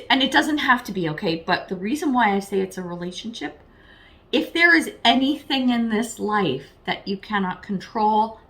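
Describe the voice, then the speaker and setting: A woman with a mid-range, slightly bright voice does a casual tarot reading to camera. She's chatty and frank, swearing freely, talking straight to viewers and tossing in self-deprecating asides.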